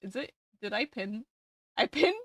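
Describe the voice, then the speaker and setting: A woman's voice: a little high, expressive, measured pace, a bit bright, no room sound, clean studio sound. A young woman streamer chatting casually with her live audience, giggling often and swearing freely.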